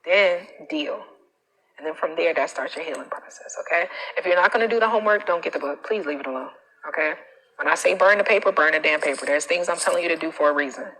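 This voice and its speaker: A woman coach hosting a casual live stream, animated and emphatic, with a preachy manner full of slang asides. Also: on the low side, quick pace, low-quality recording.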